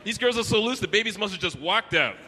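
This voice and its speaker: Here a man from Canada works a live room with loud, foul-mouthed comedy, impersonating characters. His voice sits high, with lively intonation and a fast delivery. The recording picks up an echoing hall and faint noise.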